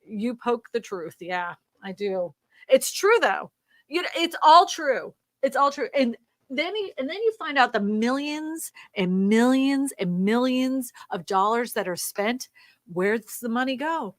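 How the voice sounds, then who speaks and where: A woman's voice: on the high side, expressive, measured pace, no room sound. A woman hosting a real estate live stream. She reads viewer comments aloud and answers them in an emphatic, ranting way, laughing often.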